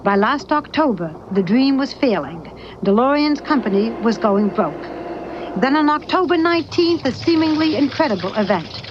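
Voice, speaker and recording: Woman TV correspondent, measured reporter voice, dull 1980s broadcast audio with faint hiss. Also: high-pitched, animated. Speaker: TV news correspondent. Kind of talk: news report narration and interviewing.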